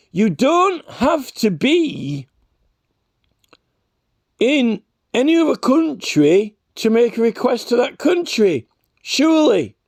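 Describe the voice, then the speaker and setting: Extremely high in pitch and a little mellow, this male reaction vlogger is recorded in clean studio sound without any room sound. His commentary is a combative rant, full of halting restarts and stammers as he keeps challenging the man opposite him.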